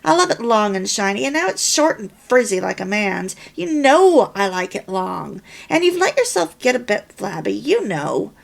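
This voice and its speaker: A woman reading the part of a hurt husband who speaks hesitantly and haltingly. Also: mid-range voice, sing-song, gravelly, heavily acted. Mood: hurt, earnest. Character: remorseful husband, a working man.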